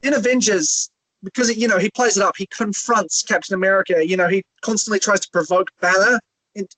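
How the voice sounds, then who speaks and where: Opinionated male panelist on a video call, halting delivery, dry mic. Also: high-pitched, steady tone, pushed and bright, dry recording, poor audio. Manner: opinionated, thinks aloud with pauses. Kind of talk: casual film discussion.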